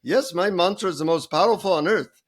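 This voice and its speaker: A man voicing a calm male Indian guru with an Indian accent, in a hushed then insistent manner. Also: sits high, fairly quick, pitched above the performer's own voice. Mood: proud.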